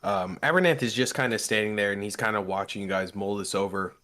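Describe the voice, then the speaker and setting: A man's voice: on the low side, fast talker, pushed and bright. A man narrating a tabletop game as game master, in a casual, rambling way with many fillers.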